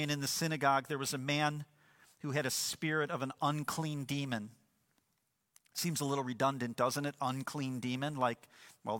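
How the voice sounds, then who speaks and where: A man's voice: fairly high pitch, bright, forceful tone, long reverb tail. A man preaching a sermon as pastor, emphatic, with repeated phrases and rhetorical questions.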